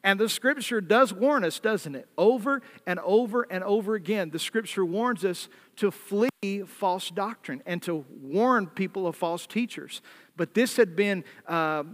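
A man with a Southern American accent preaches an evening sermon, moving easily between reading scripture and talking plainly to his congregation. His voice sits high for a man. The sound carries a long, lingering reverb, like a large church sanctuary. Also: measured pace, fairly bright tone. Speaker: pastor.

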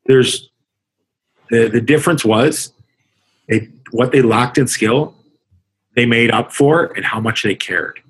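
A man's voice: mid-range voice, slow, pauses often, breathy edge, poor audio. A man, a hockey coach, answering interview questions in an earnest, rambling way, often restarting his sentences. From Canada.

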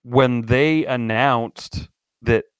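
A man's voice: mid-range voice, extremely slow, clear, resonant tone, no echo, studio quality. A man co-hosting a podcast, bantering with wry jokes in casual chat. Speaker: podcast co-host.

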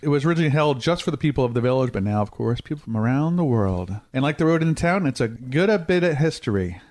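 A man's voice: mid-range voice, expressive, quick pace, darkish tone, no echo. Punning male podcast host, dry sound. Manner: joking, cheese puns, laughs easily. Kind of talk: casual podcast chat.

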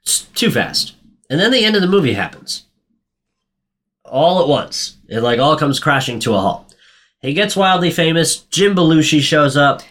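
A man casually recapping a film in chat, telling it with energy, swearing and briefly acting out characters in a higher voice, his throat a little sore. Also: normal speed. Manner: animated storyteller, swears, acts out quotes in a high voice. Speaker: podcast co-host recapping a film.

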